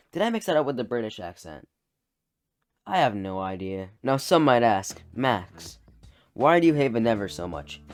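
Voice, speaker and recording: An animated man delivers casual game commentary, piling up exaggerated complaints. His voice sits in an ordinary middle pitch. Quiet background music runs under the talk. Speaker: gaming YouTuber.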